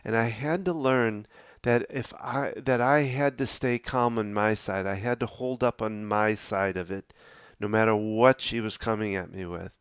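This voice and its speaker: A middle-aged man hosting a podcast, talking earnestly and reflectively, often halting and restarting as he gives advice. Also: lowish voice, smooth, dry recording. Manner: halting, with frequent restarts and fillers. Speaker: podcast host.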